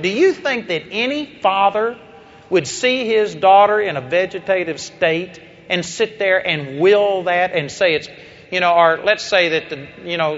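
A man's voice: high voice, fairly bright tone. A man preaching a sermon, telling a story with impassioned, emphatic delivery. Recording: dull lo-fi recording.

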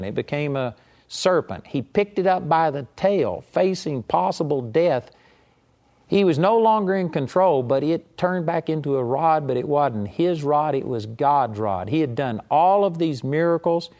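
Male preacher, lightly high voice, animated sermon storytelling, dramatic raised pleas. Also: normal speed.

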